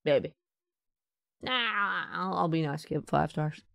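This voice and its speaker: A woman streaming a game, talking casually, swearing and joking as she rambles, now and then popping into a squeaky put-on voice. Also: slow, gravelly, fairly bright tone, no room sound. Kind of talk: casual live-stream commentary.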